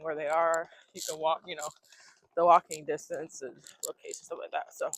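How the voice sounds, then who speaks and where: A woman's voice: fairly low pitch, a bit bright, slight background noise, low-quality recording. A woman vlogging outdoors while walking city streets, chatting casually to viewers through a handheld phone and sniffling from the cold. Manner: chatty, joking, talks to viewers as y'all. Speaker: travel vlogger. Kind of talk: casual vlog chat. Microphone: phone camera held while walking.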